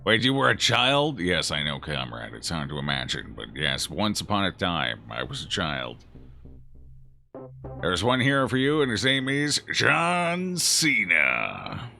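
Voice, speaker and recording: A man's voice: deep voice, sing-song, moderate pace, pushed and bright, faint music behind. A man streaming a game, chatting casually and jokingly as he reacts aloud to his chat. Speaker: gaming streamer. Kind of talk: casual let's-play commentary answering chat.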